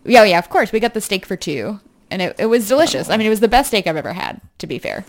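A woman's voice: medium pitch, very animated, quick pace. A woman hosting a podcast in casual chat, easygoing and teasing, laughing often. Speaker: podcast co-host.

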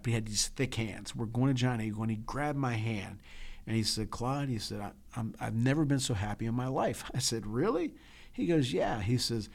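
A man co-hosting a casual chat podcast, telling a heartfelt family story with halting restarts and an emotional edge. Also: medium pitch. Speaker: podcast co-host.

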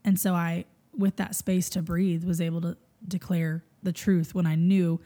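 Young woman, worship leader, storytelling, animated, laughing, lots of fillers, mellow dark voice. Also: on the low side, normal speed. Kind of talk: storytelling in casual chat.

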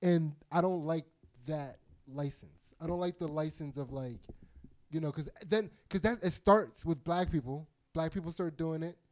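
A man's voice: fairly high pitch, moderate pace, a little mellow. A man in casual chat as a podcast co-host, rambling with many fillers and laughing often.

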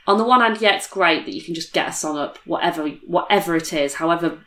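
A young British woman in casual conversation, telling stories in a chatty, lively way with lots of fillers. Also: fairly low pitch, quick pace. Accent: British English. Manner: chatty, animated storytelling with many fillers. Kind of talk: casual chat. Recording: roomy echo.

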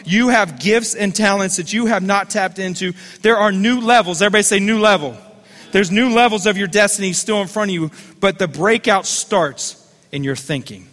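A man's voice: high voice, moderate pace, a bit bright, in a large hall. A man preaching a sermon as the pastor of a church, calling on listeners to repeat phrases back to him. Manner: fervent preaching with call-and-response.

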